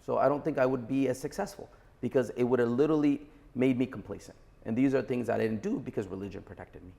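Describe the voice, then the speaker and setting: A man in his forties speaks as a podcast guest, forceful and blunt in his opinions. His voice carries a heavy gravelly rasp throughout, at a middle pitch for a man. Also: fast. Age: 40s. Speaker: entrepreneur guest. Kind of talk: podcast interview.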